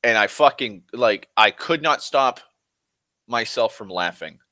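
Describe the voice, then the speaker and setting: Young man, rambling vlogger, bright forceful tone, dry close mic, restless delivery full of restarts and filler words. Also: medium pitch, animated, measured pace, no echo. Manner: rambling, restless, full of restarts and "like", swears freely, swings loud and soft. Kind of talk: rambling casual monologue.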